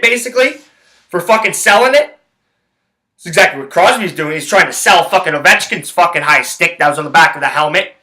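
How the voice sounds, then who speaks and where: A man's voice: high-pitched, sharp tone, rough recording. A man ranting heatedly about hockey and sports betting, swearing constantly and rambling from point to point. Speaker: sports handicapping vlogger. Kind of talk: profane ranting commentary.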